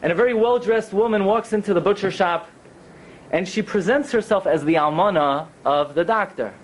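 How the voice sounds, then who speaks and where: A man, a rabbi, telling a story in a lively way and acting out the voices of its characters. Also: high voice, moderate pace. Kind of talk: storytelling talk.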